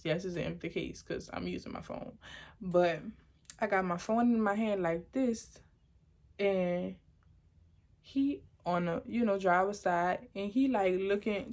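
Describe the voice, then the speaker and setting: A young adult woman recounts a personal story for her vlog. She rambles animatedly, doubling back and restarting her sentences, at an ordinary pitch for a woman. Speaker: vlogger.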